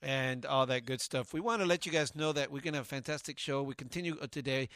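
A man's voice: mid-range voice, fast, a bit bright, no echo, studio quality. A man co-hosting a casual podcast broadcast live from a garage, rambling and restarting his sentences with lots of fillers. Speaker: podcast co-host.

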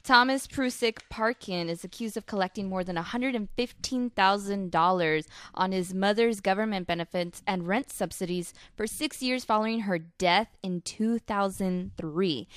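A woman's voice: fairly low pitch, clear, resonant tone, no room sound, clean studio sound. A woman co-hosting a casual chat show, reading news items aloud with small fillers. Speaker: podcast co-host reading news stories.

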